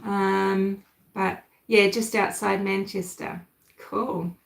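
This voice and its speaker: A woman from New Zealand with a softened New Zealand accent, hosting a casual true-crime livestream and chatting with viewers. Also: medium pitch, little pitch movement, slow, vocal fry, reverberant, slight background noise, poor audio. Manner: chatty, thinks aloud, answers live chat. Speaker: livestream host.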